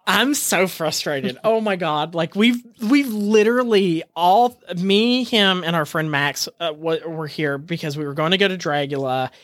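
A man's voice: high-pitched, measured pace, hardly any pauses, a bit bright, dry recording, studio quality. A man co-hosting a podcast in casual chat, ranting dramatically and laughing at his own frustration. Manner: exasperated, dramatic, rants with laughter. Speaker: podcast co-host.

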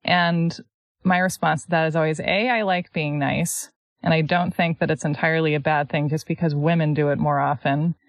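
A woman co-hosting a podcast in casual chat, reading passages aloud in a wry, animated way. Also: low-pitched, moderate pace, dry recording. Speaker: podcast co-host.

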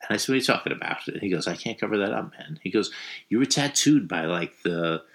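A man's voice: fairly low pitch, expressive, fast, a bit bright. A middle-aged man from the New York area telling a rambling story in casual chat, full of fillers and swearing.

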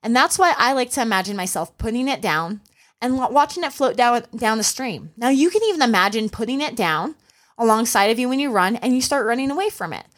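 A woman's voice: on the high side, expressive, brisk. A young adult woman hosting a solo podcast as a running coach, telling a race story and giving earnest, encouraging advice. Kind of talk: casual solo podcast talk.

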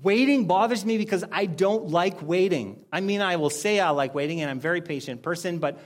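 A man with a notably high-pitched voice delivers a conversational sermon. He keeps it informal, hammers key lines through repetition and slips into quick voices to act out little exchanges. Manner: repeats key phrases for emphasis. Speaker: pastor.

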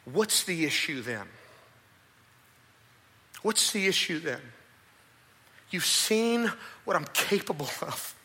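A man preaching a sermon, voicing Jesus as an exasperated teacher who presses with loud questions. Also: on the high side, animated, takes it slowly, long pauses, heavily acted.

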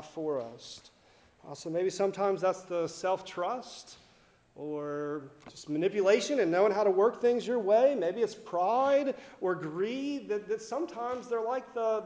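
A man preaching a casual sermon in a relaxed way, with fillers, restarts and light laughs. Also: high voice, reverberant. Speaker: pastor.

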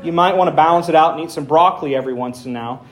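A man's voice: on the high side, rapid-fire, some chatter behind. A man preaching a conversational sermon as pastor, with dry humor and dramatic emphasis when reading scripture.

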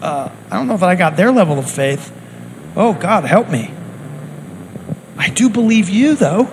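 A man voicing a desperate pleading father, high and raised. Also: very animated, moderate pace, noisy background. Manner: cries out earnestly, voice raised high.

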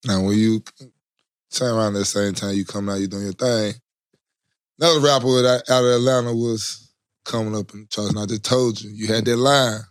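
A man's voice: lowish voice, little pitch movement, no echo, clean studio sound. A man hosting a podcast, playful and slangy in casual chat. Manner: playful, quick to laugh, slangy. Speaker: podcast host. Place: podcast studio.

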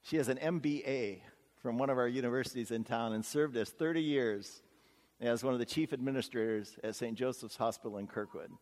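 A man's voice: mid-range voice, fairly quick, darkish tone. A middle-aged man preaching as pastor, telling stories in a folksy, earnest, chatty way full of 'uh' and 'you know'. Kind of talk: conversational storytelling sermon. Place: church sanctuary. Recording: long hall reverb in a church.

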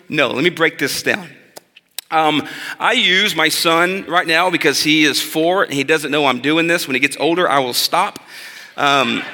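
A man's voice: on the high side, pushed and bright. A man in his thirties preaching a sermon as pastor, mixing scripture with funny, conversational stories about his kids. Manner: conversational, humorous storytelling. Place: church sanctuary. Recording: long hall reverb.

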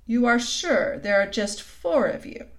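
A woman's voice: fairly high pitch, lively intonation. A woman doing a haughty imperious queen. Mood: scheming. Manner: commanding, slow and loud with sudden sweetness. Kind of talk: storybook read-aloud.

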